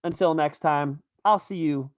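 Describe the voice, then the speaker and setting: A man's voice: a little high, unhurried, no room sound, studio quality. Chatty male show host, hype swings. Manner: chatty, hype-driven, swings loud and soft. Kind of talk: casual fight-pick talk.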